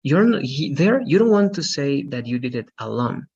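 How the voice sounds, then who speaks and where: Gravelly-voiced male English teacher. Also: medium pitch, very animated, normal speed, darkish tone. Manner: patient, repeats checks like "right?" and "okay?". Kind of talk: online class explanation. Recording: muffled lo-fi audio.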